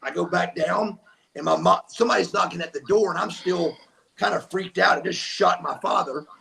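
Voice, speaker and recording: A man's voice: sits high, moderate pace, creaky, a bit bright, a little hiss or hum. An older man, telling stories as an interview guest, emphatic and acting out what people said. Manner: emphatic, acts out quotes. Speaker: guest, former wrestler. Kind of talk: animated storytelling.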